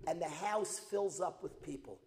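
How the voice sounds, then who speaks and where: A man teaching a religious lesson as a dramatic story, repeating phrases for emphasis and building to loud outbursts. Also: fairly high pitch, normal speed, slight background noise. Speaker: Torah teacher. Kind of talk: storytelling lecture.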